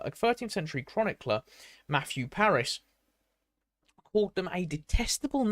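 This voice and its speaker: A man's voice: fairly high pitch, a bit bright, no echo. A man streaming live, reading a history article aloud and breaking off to chat with viewers. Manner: reads aloud with many restarts and asides; chatty, answers live chat.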